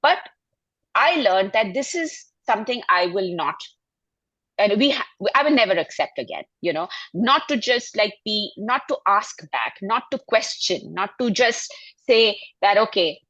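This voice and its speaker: Husky-voiced woman telling a story. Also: medium pitch, animated, a little slow, fairly bright tone, no room sound, muffled recording. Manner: emphatic, heartfelt, frequent restarts. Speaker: panel speaker. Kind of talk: personal storytelling on a panel. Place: festival stage.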